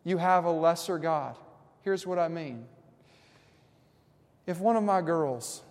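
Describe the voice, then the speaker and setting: A man's voice: fairly high pitch, takes it slowly. Preaching man in a reverberant hall. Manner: swings from hushed reflection to emphatic preaching. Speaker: pastor. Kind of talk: sermon.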